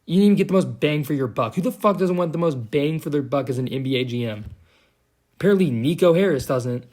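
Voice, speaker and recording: A man's voice: on the high side, lively intonation, fast, darkish tone. A young man giving a heated, profane, sarcastic commentary rant as a vlogger. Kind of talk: ranting commentary.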